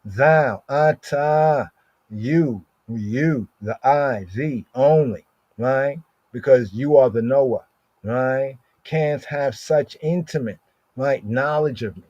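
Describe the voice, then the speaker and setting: A man teaches scripture at an unhurried, drawn-out pace, turning single words over and over and tagging "right?" onto almost every phrase. The sound is dull and lo-fi, close and dry with no room around it. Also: mid-range voice, a little mellow, no room sound. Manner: repeats words over and over, asks "right?" constantly. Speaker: Bible study teacher. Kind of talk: livestreamed scripture study. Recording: dull lo-fi stream audio.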